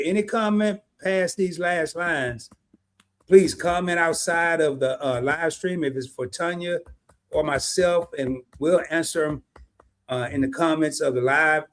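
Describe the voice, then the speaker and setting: A middle-aged man co-hosting a live stream, laid-back and slangy, talking straight to his viewers. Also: a little high. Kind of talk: casual live stream chat.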